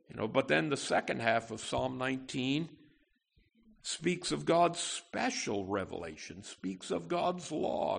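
A man preaching a sermon as pastor, emphatic, with wide swings in pitch and loudness. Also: vocal fry, husky.

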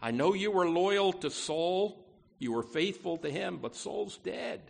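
A man preaching a sermon, often saying "you know", who slows down and swells when he reads Scripture aloud. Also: sits high, gravelly. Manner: lively preaching with frequent "you know" fillers and emphatic repeats. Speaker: pastor.

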